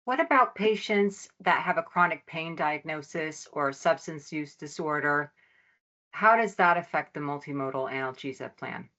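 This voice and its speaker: Woman in the audience, very low, bright tone, inquiring, distant muffled recording. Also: expressive, normal speed. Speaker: audience member asking a question.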